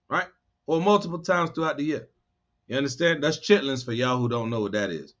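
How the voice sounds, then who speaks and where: A man leading a bible study, reading verses slowly and then explaining them in loose, animated street talk. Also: a little high. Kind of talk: scripture study teaching. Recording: dull lo-fi sound.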